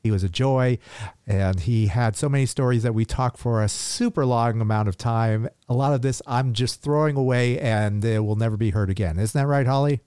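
A man's voice: mid-range voice, normal speed, dark tone, smooth, no echo. Dry-sounding male podcast host. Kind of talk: casual podcast chat.

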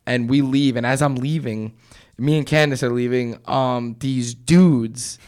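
A man's voice: medium pitch, fairly even intonation, a little slow, darkish tone, clear, resonant tone. A man hosting a podcast, telling stories in casual chat, acting out quotes and laughing often. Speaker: podcast host.

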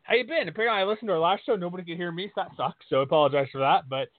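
A male podcast host with a somewhat high voice talks sports in loose, rambling chat, often restarting his sentences. The sound comes through a tinny, phone-like line. The room is dead and dry. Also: very fast, dry recording.

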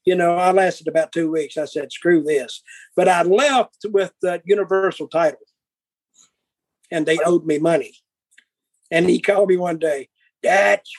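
A man's voice: sits high, moderate pace, pauses often, no room sound, rough recording. An older man telling blunt, profane stories and acting out old arguments. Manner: profane, blunt, acts out quarrels in dialogue. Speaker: guest. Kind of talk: casual storytelling.

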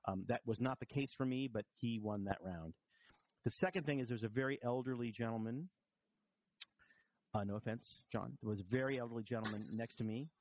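A man's voice: medium pitch, a little fast, a little mellow, a little hiss or hum. A man recovering from vertigo, telling wry, self-deprecating anecdotes in casual chat, with frequent restarts. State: recovering from vertigo, a bit wobbly.

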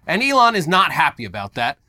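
Dude cohosting tech news, bright voice, sarcastic, explains stuff. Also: male voice, on the high side, wildly swooping pitch. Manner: sarcastic, explanatory, quick quips. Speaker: news show co-host. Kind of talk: casual tech news banter.

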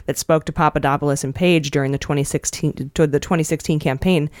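A woman's voice: deep voice, fairly even intonation, quick pace, a little mellow, dry recording, studio quality. A woman hosting a podcast, running through the news with wry jokes in a casual chat. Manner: wry, jokey news rundown. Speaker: podcast host.

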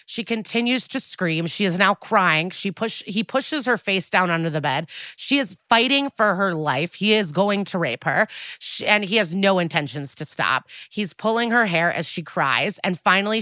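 A woman's voice: mid-range voice, bright, forceful tone, dry recording. A woman co-hosting a podcast, recapping an episode in a chatty, wry way and acting out the quoted lines. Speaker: podcast co-host.

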